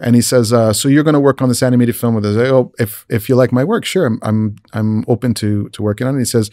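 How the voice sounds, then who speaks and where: A man's voice: fast, few pauses, darkish tone, dry recording. Man, casual storyteller, mid-range voice, chatty restarts, dry close sound. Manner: retells conversations, often raising his pitch for the quoted speakers; frequent restarts and repeated words. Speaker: visual effects artist telling a career story. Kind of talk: casual personal anecdote.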